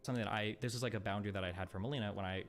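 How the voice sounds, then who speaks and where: A man's voice: on the low side, fairly even intonation, faint music behind. A man talking casually on a livestream, rambling with lots of fillers and swearing, blunt and exasperated. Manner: rapid, rambling, profane, heavy fillers. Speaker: streamer.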